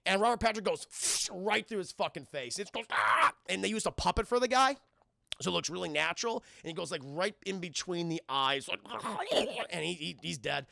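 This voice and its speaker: A man's voice: sits high, a little fast, creaky, bright, forceful tone, dry recording, clean studio sound. A man casually retelling a film scene by scene on a live stream, rambling, swearing often and talking to his chat.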